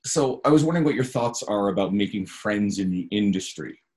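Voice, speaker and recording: Guy with a really low voice hosting a podcast, chatty, lots of uhs. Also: lively intonation, a little fast, darkish tone. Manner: chatty, rambling with fillers. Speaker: podcast host. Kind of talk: casual podcast chat.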